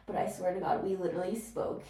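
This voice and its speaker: A woman's voice: lowish voice, level tone, fast talker, dark tone, recorded from a distance. A woman guest chatting casually on a podcast, giggly and swearing freely, with lots of "like" fillers. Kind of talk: casual chat. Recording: echoey room, voice off mic, faint noise.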